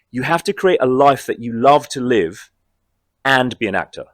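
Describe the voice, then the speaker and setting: A man, a guest actor in a convention interview, talking in a reflective, animated way. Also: medium pitch, normal speed, no room sound, clean studio sound. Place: convention floor.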